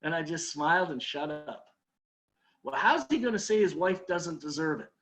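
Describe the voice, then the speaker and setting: A man's voice: on the high side, expressive, moderate pace, a bit bright. A man leading a sales training talk, telling an anecdote and acting out his customers' lines, with emphatic repeated advice.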